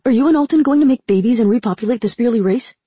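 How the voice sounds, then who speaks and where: A woman voicing a cheeky, nosy teenage boy soldier who teases loudly in a raised, high voice. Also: very animated, normal speed, slightly rough, no room sound, exaggerated voice. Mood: teasing. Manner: high, loud and teasing.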